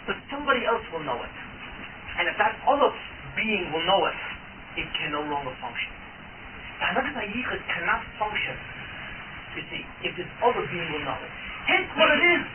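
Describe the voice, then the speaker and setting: A rabbi giving a Torah class to a live audience, firing questions at the room and answering them himself. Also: male voice, sits high, background noise. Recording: tinny, distant, lo-fi class recording.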